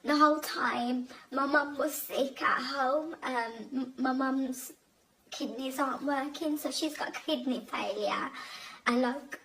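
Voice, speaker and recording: A young woman telling a personal family story in a halting, emotional way, with many restarts. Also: high-pitched, bright, forceful tone, a little hiss or hum, rough recording. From Bangladeshi family. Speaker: guest telling her conversion story.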